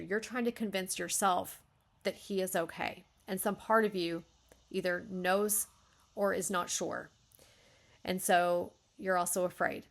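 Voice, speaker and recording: A woman with a gravelly edge to her mid-range voice gives a spoken critique as a beta reader. She thinks aloud, breaking off and restarting her sentences. She acts out lines of dialogue to show where the emphasis belongs. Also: mid-range voice, steady tone, a little slow. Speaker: beta reader giving feedback.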